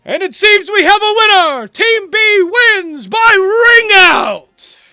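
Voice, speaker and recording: A man voicing an excitable male tournament announcer who booms his announcements like a showman. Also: takes it slowly, no room sound, studio quality, exaggerated voice. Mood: triumphant.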